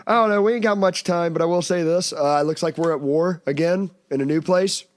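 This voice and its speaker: A man's voice: a little high, fairly quick. A man hosting a podcast in casual comedic chat, rambling and laughing often. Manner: rambling, laughs often, slips into mocking quoted voices. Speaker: podcast host.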